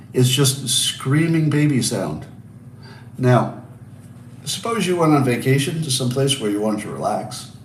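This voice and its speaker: Broadcasting alone from a hotel room with an ocean-view balcony, a podcast host in his sixties spins wry stories full of rhetorical asides and restarts in a casual livestream. His voice sits at medium pitch with a darkish tone, and the distant mic gives roomy echo, faint ambience and a little hiss or hum.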